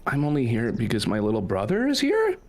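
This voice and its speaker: A scornful teenage scout girl, played by a man, full of sarcastic jabs and groans about the outdoors. The voice jumps up and down in pitch as the complaints pile up. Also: huge pitch swings, fairly quick, darkish tone. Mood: sulky. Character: sulky teenage girl scout who hates camping.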